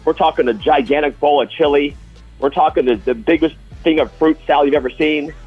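Husky man talking sports with gusto. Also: a little high, steady tone, brisk, phone-quality sound, soft background music. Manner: enthusiastic, storytelling. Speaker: co-host. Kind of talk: casual sports talk.

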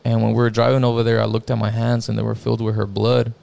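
A man's voice: medium pitch, completely flat delivery, fast, gravelly, darkish tone. A young man casually telling a personal story as a guest, slangy and profane, filling his talk with "bro" and "like".

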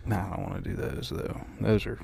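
Gravelly low-voiced man cracking dry jokes. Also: fast, dry recording. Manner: dry joking, deadpan quips. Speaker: podcast co-host. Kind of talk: casual banter.

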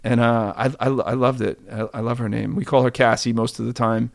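A man in his forties, a podcast guest, chatting casually and telling rambling, animated stories with many restarts. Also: medium pitch, fairly quick, gravelly, dry recording. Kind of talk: casual interview chat.

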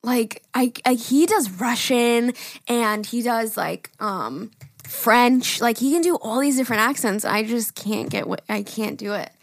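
A woman's voice: on the high side, a little slow, dry recording, studio quality. A young woman with a Long Island accent co-hosting a podcast, chatting casually, laughing often and swearing freely. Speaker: podcast co-host. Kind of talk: casual chat.

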